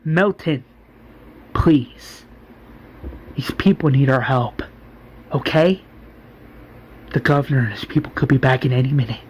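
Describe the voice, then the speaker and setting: A man's voice: mid-range voice, a little slow, pauses often, a little mellow, slightly rough, rough recording. Determined woman warrior , read by a man, pleading, in his own everyday voice. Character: determined young woman fighter.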